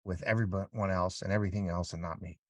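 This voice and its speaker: A man in his forties, an interview guest, candidly recounting a hard period of his life with many halting restarts. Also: low-pitched, fairly even intonation, no room sound. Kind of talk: candid conversational storytelling.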